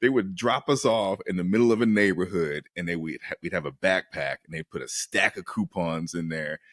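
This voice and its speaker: A man in his forties from Maryland, a counselor guest on a podcast, telling animated personal stories and acting out voices. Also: low-pitched, a little fast, no room sound, clean studio sound. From Maryland, USA. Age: 40s. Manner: animated storyteller who acts out quoted voices. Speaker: guest, mental health counselor. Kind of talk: casual podcast interview storytelling.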